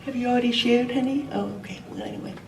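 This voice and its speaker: An older woman telling a personal memory to a gathering, gentle and reflective, laughing at times. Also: a little high, wildly swooping pitch, fast talker, background noise. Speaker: speaker sharing a memory. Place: meeting room. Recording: roomy hall audio from a distant mic.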